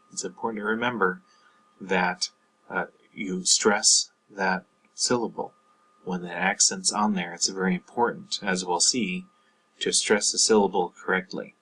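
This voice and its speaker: Male language teacher, low voice, slow and patient, lecture-style delivery. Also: a bit bright, breathy edge, poor audio. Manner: patient, explanatory, frequent fillers. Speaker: Spanish teacher. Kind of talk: recorded language lesson.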